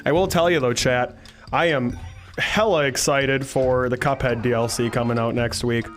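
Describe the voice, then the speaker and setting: A man's voice: medium pitch, fairly even intonation, normal speed, soft background music. A man streaming a game, chatting casually with loose, profane jokes between play. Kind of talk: casual gameplay commentary.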